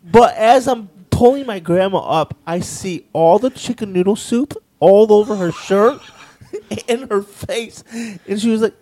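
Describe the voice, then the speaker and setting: A man's voice: sits high, measured pace, dry recording. A man telling a funny family story in casual, profane chat, acting out the people in it. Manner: profane, animated, quotes people in raised voices.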